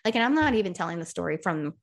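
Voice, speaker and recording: A woman's voice: on the low side, racing. A young woman co-hosting a casual chat, telling stories with energy and acting out the voices in arguments. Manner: animated storyteller, acts out quoted arguments.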